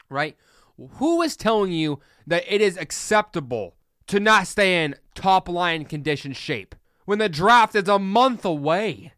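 A man's voice: sits high, bright, forceful tone, dry recording. A man hosting a solo sports podcast, fired up and blunt, ranting with preachy repeated lines into a close mic. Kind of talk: opinionated solo podcast rant.

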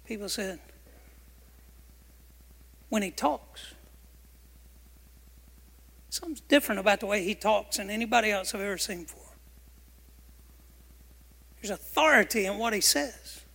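A man's voice: high voice, measured pace, creaky, pauses often, sharp tone. A man preaching a sermon as pastor, emphatic, asking the congregation questions and having them repeat phrases back. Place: church sanctuary. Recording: long reverb of a hall.

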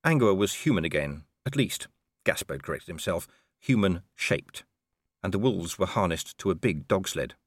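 Male audiobook reader, deep voice with varied melody, dry studio sound. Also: expressive, moderate pace, no room sound. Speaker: audiobook narrator. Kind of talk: scripted narration.

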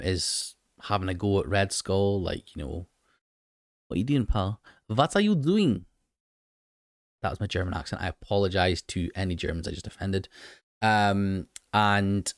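A man's voice: fairly low pitch, no echo, clean studio sound. A man recapping an episode in a casual, enthusiastic way, with laughing asides and frequent ums.

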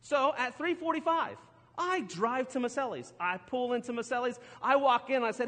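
A man's voice: very high voice, animated, normal speed, a bit bright. A middle-aged man preaching a sermon, telling a casual story about his week with lots of laughs and restarts. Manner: chatty, self-deprecating, laughs often, restarts a lot. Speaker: pastor. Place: church auditorium. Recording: church hall with long reverb.

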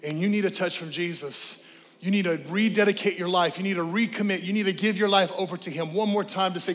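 A man preaching a sermon as pastor, telling lively stories and then leading a quiet prayer and altar call in a church. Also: high voice, fast, long reverb tail. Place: church sanctuary.

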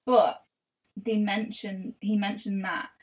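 A woman's voice: mid-range voice, steady tone, takes it slowly. A young woman co-hosting a podcast in casual chat, rambling and swearing with frequent restarts. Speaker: podcast co-host.

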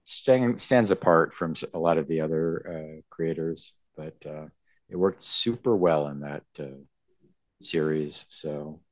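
Slow, halting man with a low voice. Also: dry recording, studio quality. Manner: slow, halting, many fillers and restarts. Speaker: podcast co-host. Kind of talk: casual chat.

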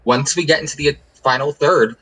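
Hosting a casual sports podcast, a man pushes his point through emphatic repetition, building the argument word by word. His voice is on the high side, pushed and bright at a moderate pace, with a little hiss or hum and rough recording quality.

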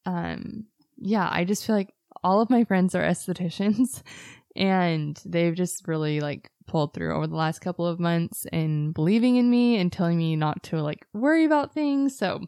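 A woman co-hosting a casual podcast, talking in a relaxed way with many fillers and frequent laughs. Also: fairly low pitch, normal speed, smooth, no room sound, studio quality. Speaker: podcast co-host, esthetician.

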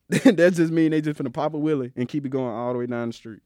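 A man's voice: a little high, a little fast, dark tone, smooth, no echo, clean studio sound. A young man from Mississippi with a Mississippi accent, chatting casually and playfully as co-host. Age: young adult. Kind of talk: casual chat.

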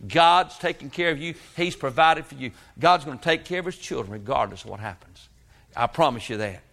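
A man's voice: fairly high pitch, fairly quick, vocal fry, fairly bright tone. A man preaching a sermon, telling a folksy story with plain homespun talk.

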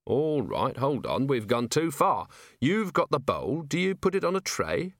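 A man voicing a gruff, sharp-minded male watch commander who questions in a brisk, impatient way. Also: medium pitch, very animated, no room sound, clean studio sound, voice pushed up. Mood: probing.

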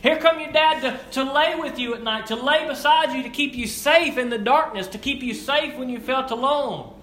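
A young man preaching a sermon, repeating his lines and swinging between hushed and raised delivery. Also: very high-pitched, normal speed. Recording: echoey room with faint ambience.

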